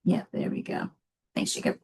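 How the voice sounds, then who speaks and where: A woman presenting a library webinar in a relaxed, casual way, with many filler ums. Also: normal speed.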